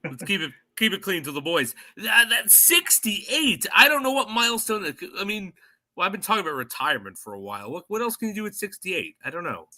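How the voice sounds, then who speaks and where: Lively bright-voiced man joking on a podcast. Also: sits high, quick pace. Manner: animated, jokey, self-mocking. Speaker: podcast co-host. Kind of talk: casual podcast chat.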